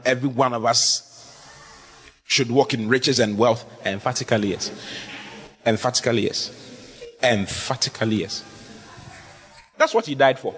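A man preaching a sermon as pastor, in an animated, repetitive style full of rhetorical questions. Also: fairly high pitch.

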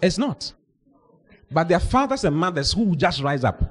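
A man, a pastor preaching a sermon, telling stories with lively mimicry of voices and frequent laughter. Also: fairly high pitch, moderate pace. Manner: animated storytelling, mimics voices, laughs often.

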